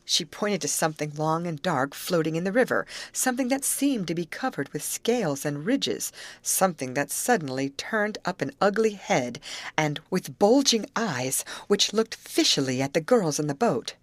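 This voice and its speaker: A woman narrating an audiobook aloud, voicing the characters' lines with higher pitch. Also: moderate pace, dry recording. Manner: lively reading, raises pitch for the girls' lines. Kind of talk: scripted narration.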